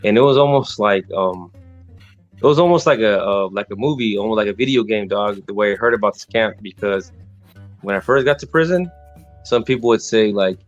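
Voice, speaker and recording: A man's voice: on the low side, brisk, no echo, lo-fi sound, soft background music. A man from Texas telling a story in casual, slangy podcast chat, rambling with frequent restarts.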